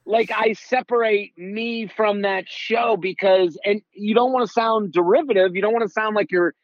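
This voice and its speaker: A man's voice: high-pitched, moderate pace, dry recording, lo-fi sound. A man chatting casually on a remote call, telling rambling family stories with lots of "like"s and quoted lines. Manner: animated storyteller, rambling with many "like"s. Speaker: guest comedian. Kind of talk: casual chat.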